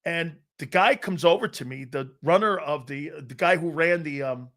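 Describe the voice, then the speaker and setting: A man's voice: a little high, normal speed, a bit bright. A man in his fifties hosting a sports talk show, telling brash, boastful stories full of restarts and acted-out quotes. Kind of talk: casual sports talk storytelling.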